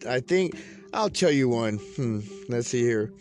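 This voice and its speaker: A man's voice: medium pitch, lively intonation, a little slow, a little mellow, soft background music. A man from California's Central Valley telling a long, rambling, profane story and laughing through it. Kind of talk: casual profane storytelling monologue.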